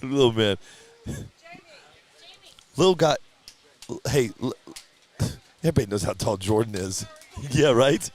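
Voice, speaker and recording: A man hosting a live stream who calls the races in a chatty, easygoing way and shouts with excitement at a surprise win. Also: medium pitch, moderate pace, long pauses, faint music behind. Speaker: race announcer and livestream host. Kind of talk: casual live race commentary. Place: at a drag racing event.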